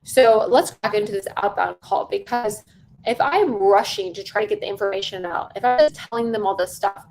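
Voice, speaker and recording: A woman's voice: mid-range voice, moderate pace, darkish tone, faint music behind, poor audio. A woman teaching sales-call technique in a conversational coaching lesson. She stresses points by repeating them and often checks in with "right?". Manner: emphatic, repeats key phrases for stress. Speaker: sales trainer.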